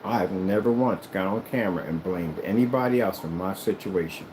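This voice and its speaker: A man's voice: low-pitched, brisk, darkish tone, slight background noise, rough recording. A man chatting casually to camera in an emphatic, rambling way, often repeating himself. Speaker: vlogger.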